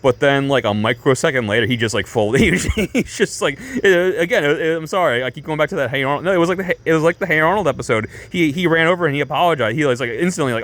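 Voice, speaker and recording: A man's voice: fairly high pitch, quick pace, hardly any pauses. Rambling man telling a story. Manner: rambling, heavy on fillers and restarts; animated, breaks into laughs. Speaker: vlogger.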